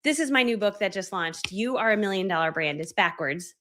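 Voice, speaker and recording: A woman in her forties leads a motivational training talk as an online course coach. She speaks in a chatty, storytelling way, mocking herself and acting out her own past reactions. Her voice sits at an ordinary middle pitch for a woman. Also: animated, fairly quick, a bit bright. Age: 40s. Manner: self-deprecating, chatty, many fillers like "right?".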